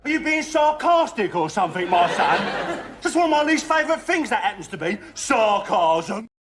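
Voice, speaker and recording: A mocking scolder voiced by an actor rides a high, swooping voice in a film clip and laughs through the words. The tone swings wide as he jeers. He sounds set apart from the room, like a scene from a show. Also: big pitch swings, moderate pace, fairly bright tone, slight background noise.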